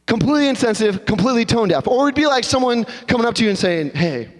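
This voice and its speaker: A man preaching a sermon as pastor, in a conversational, animated storytelling manner. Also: very high voice, very fast. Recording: long hall reverb.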